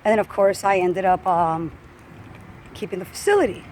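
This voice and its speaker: A woman's voice: fairly low pitch, normal speed, a little hiss or hum, rough recording. A woman fitness coach telling a personal story in casual talk, acting out what others said. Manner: animated, acts out quoted voices.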